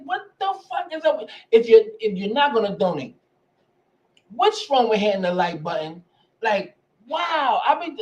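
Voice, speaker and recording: Man, livestream host, casual chat, rambling, profane, repetitive, high voice. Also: rough recording. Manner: rambling, profane, repeats himself.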